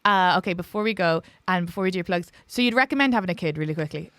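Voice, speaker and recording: Fast-talking woman podcast host. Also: lowish voice, animated, a bit bright, dry recording, clean studio sound. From Ireland. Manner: quick, chatty, confessional. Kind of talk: casual podcast chat.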